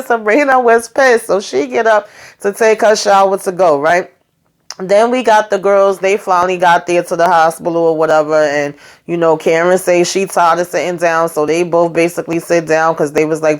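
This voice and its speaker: A woman hosts a casual TV recap on YouTube, speaking straight to her viewers in a chatty, slangy way and acting out the characters' lines as she retells the story. Her voice is lowish and steady, at a moderate pace.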